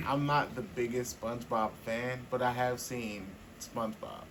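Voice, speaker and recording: A man co-hosting a podcast in casual, candid chat, animated and quick to laugh. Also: medium pitch, a little hiss or hum, low-quality recording. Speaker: podcast co-host.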